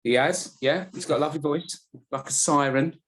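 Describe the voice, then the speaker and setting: A man's voice: a little high, brisk, fairly bright tone. A man in casual podcast chat, telling rambling, self-deprecating stories as a panelist.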